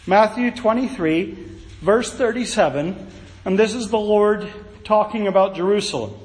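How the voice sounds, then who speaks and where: A man preaching a sermon, folksy and animated, with storytelling asides. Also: high voice, a little slow, roomy sound, low-quality recording.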